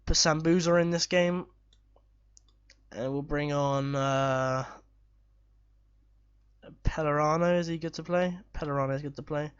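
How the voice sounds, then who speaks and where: A man commentating live on his football management game, excitable and swearing when chances are missed. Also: fairly high pitch, unhurried, long pauses, clear, resonant tone, no echo, dull audio. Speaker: gaming YouTuber.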